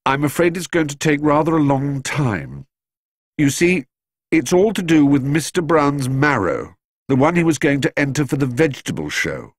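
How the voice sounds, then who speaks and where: A man's voice: a little high, lively intonation, normal speed, no room sound, clean studio sound, pitched above the performer's own voice. A man voicing a polite, earnest young bear who patiently explains himself in a storybook reading. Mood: explaining.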